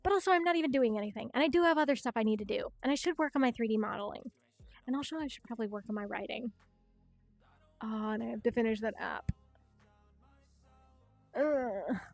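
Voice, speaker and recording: A young woman streamer rambles through casual livestream chat, swearing freely and jumping up in pitch whenever something bothers her. Her voice sits a little high and sounds dry and close to the mic. Soft music plays faintly behind her. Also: fast, gravelly, no echo. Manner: rambling, swearing, expressive, sudden rises in pitch. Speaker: VTuber streamer.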